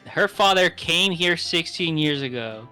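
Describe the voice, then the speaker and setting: A woman's voice: on the low side, lively intonation, a little slow, sharp tone, soft background music. A woman streamer chatting casually and jokily while voicing game dialogue, swearing now and then. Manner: joking, swearing, playful.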